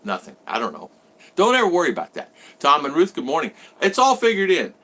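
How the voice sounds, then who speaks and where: A man's voice: a little high, wildly swooping pitch, fairly quick, sharp tone. A man in his sixties hosting a casual live-stream vlog, rambling as he greets viewers by name and answers their comments. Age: 60s. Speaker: vlogger host.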